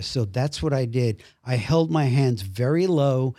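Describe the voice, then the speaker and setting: A man from Brooklyn, a podcast guest telling a story in a lively way and acting out the other people's voices. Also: mid-range voice, normal speed, no room sound, studio quality. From Brooklyn, New York. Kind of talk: storytelling conversation.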